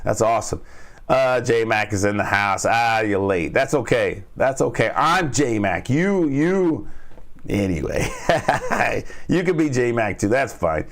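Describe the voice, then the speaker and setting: A man's voice: fairly low pitch, expressive, a little slow, fairly bright tone. A man hosting a live trading lesson. He repeats his key points, stops to ask "all right?" after each one, and reads and answers the live chat. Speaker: trading coach and stream host.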